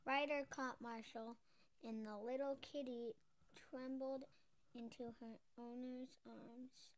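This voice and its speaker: A woman reading a children's picture book aloud as a storybook reader, gentle and expressive. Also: on the high side, takes it slowly.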